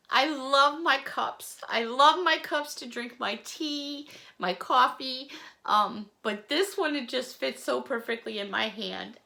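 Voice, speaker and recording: A woman talks to her camera in an easy, slow, unhurried way, thanking viewers for packages. Her voice sits high and bright, and she gushes and apologizes, sounding moved almost to tears. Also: gravelly. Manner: emotional, gushing, apologetic, chatty with little laughs. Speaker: vlogger opening fan mail. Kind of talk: casual chat to camera.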